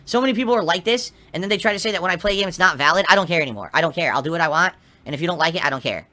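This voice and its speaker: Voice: medium pitch, lively intonation, racing, sharp tone. A streamer in a played clip talking defiantly and dismissively to their chat. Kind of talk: live stream talk.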